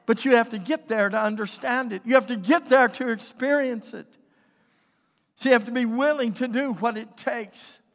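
A man preaching a sermon, building from quiet storytelling to impassioned, shouted declarations. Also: very high-pitched, normal speed. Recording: long hall reverb.

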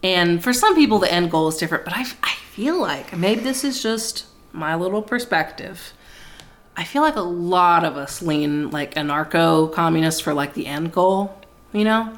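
A woman's voice: fairly low pitch, expressive, normal speed. A woman co-hosting a podcast in casual chat, joking and blunt, and she swears freely. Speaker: podcast co-host.

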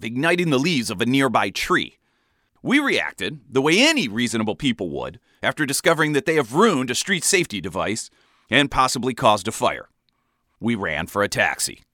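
A man reading his own comic memoir aloud in a wry, deadpan storytelling manner. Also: medium pitch, no room sound, studio quality.

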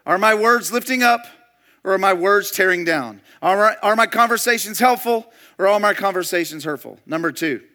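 A man preaching a sermon as pastor, emphatic and moving between loud declarations and hushed storytelling. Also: sits high, moderate pace.

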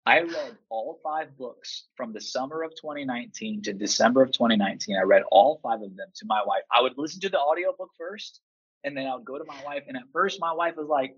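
A man in his thirties, a teacher and father, telling stories with animated, emphatic energy and acting out quotes. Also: mid-range voice, fairly quick, slightly rough, lo-fi sound. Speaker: podcast guest, teacher and father. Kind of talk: enthusiastic storytelling chat.

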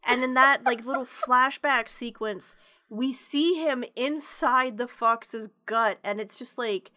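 A woman's voice: on the high side, slow, bright, forceful tone. A young woman co-hosting a casual chat, giggly and chatty with lots of filler words.

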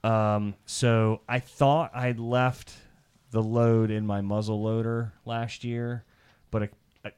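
A man from Iowa co-hosting a podcast, telling a crude, animated hunting story and laughing as he talks. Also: fairly low pitch, takes it slowly, clear, resonant tone. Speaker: podcast co-host. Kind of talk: crude storytelling among friends.

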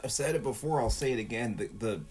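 A man's voice: medium pitch, quick pace, a little mellow, husky, soft background music. A man co-hosting a podcast, chatting casually, joking and swearing a lot. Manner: profane, joking, enthusiastic. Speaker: podcast co-host.

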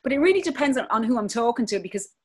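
A woman's voice: on the high side, expressive, racing. A woman in her fifties with an Irish accent from County Clare, chatting as a podcast guest and telling stories. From Ireland. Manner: chatty, storytelling. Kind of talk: casual chat.

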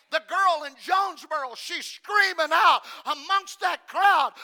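High, bright-voiced impassioned preacher man. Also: moderate pace. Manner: impassioned, swings from hushed to shouting. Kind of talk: sermon.

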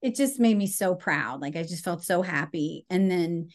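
A woman's voice: lowish voice, expressive, normal speed. A woman guest in a casual interview, telling stories in a chatty way and laughing often. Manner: chatty, warm storyteller who laughs often. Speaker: guest, former TV promotion staffer.

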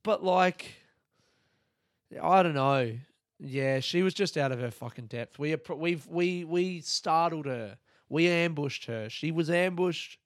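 A young man hosting a podcast, telling a comedic story in an animated, sweary way and acting out other people's lines. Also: a little high, measured pace, no echo, clean studio sound. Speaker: podcast host.

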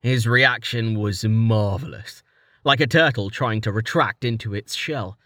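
A man narrating a fantasy story in a steady, even storytelling manner. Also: lowish voice, a little slow, no echo, clean studio sound. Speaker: audiobook narrator.

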